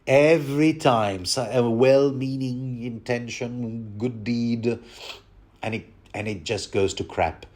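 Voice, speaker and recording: A man's voice: mid-range voice, slow pace, a little mellow. A man hosting a rambling book commentary, talking digressively and addressing his listeners directly.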